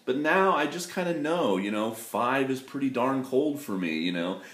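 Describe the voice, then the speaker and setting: A man's voice: mid-range voice, expressive, moderate pace, fairly bright tone. A man who teaches English, chatting casually to camera in a loose, rambling way full of fillers and self-deprecating asides. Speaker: English teacher living in Japan. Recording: roomy echo.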